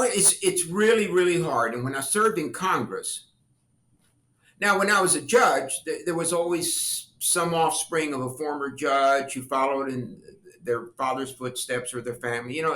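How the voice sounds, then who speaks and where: Bright, lively older man telling stories. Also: a little high, normal speed, reverberant. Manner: animated storyteller acting out quoted voices, laughing. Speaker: guest, former congressman. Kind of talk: storytelling interview talk.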